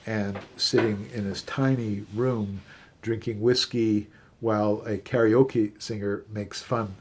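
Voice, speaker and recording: Husky-voiced man recalling stories, halting. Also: on the low side, a little mellow. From Canada. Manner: halting, many fillers and restarts. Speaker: psychiatry professor interviewed. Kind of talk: reflective interview storytelling.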